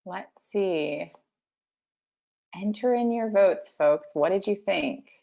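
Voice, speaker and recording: A woman co-hosting a webinar, reading a short text aloud with deliberate emphasis and chatting over a video call. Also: mid-range voice, gravelly, dark tone. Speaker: webinar co-host. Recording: dull lo-fi video-call audio.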